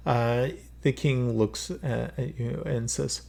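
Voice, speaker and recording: A man narrating a tabletop game as game master, halting with many fillers. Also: mid-range voice, steady tone, vocal fry, a little mellow.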